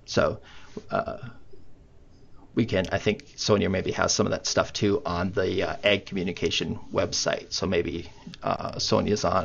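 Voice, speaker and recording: Man, low gravelly voice, relaxed webinar presenter, muffled call audio. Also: a little hiss or hum. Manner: conversational, many fillers. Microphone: computer mic on video call. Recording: muffled online meeting audio.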